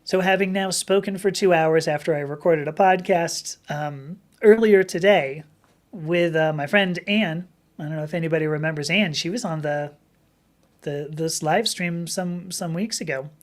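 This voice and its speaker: A middle-aged woman hosting a live stream, chatting casually with viewers and telling rambling stories. Her voice is a little rough from talking for hours. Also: sits low, moderate pace. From Southern California. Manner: rambling, chatty storytelling with many restarts. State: slightly rough voice from long talking.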